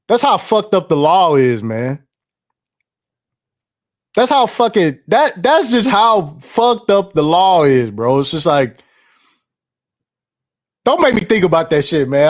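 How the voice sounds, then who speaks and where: A middle-aged man hosting a livestream, reading chat and telling stories in a loose, profane way, laughing often and repeating himself. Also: on the high side.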